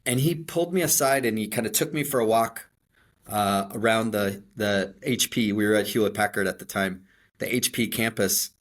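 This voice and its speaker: This middle-aged Chicago podcast co-host has a lowish voice, a moderate pace, and a Chicago accent. He delivers conversational stories with animation and self-deprecation, restarting frequently.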